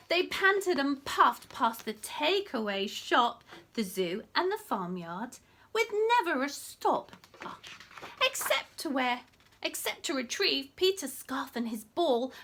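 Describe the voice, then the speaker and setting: A woman reading a picture book aloud for children at library story time, animated and often dropping to a whisper for asides. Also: sits high.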